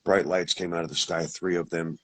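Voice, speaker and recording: A man acting out a shaken doctor, confiding a secret in a hushed way. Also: low-pitched, flat delivery, a little fast. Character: shaken doctor recounting his father's vanishing.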